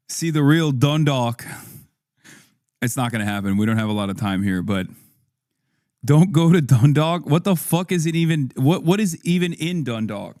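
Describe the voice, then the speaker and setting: A man's voice: medium pitch, a little mellow, no room sound, clean studio sound. A man streaming, riffing casually with profanity and frequent laughs as he reacts to a video.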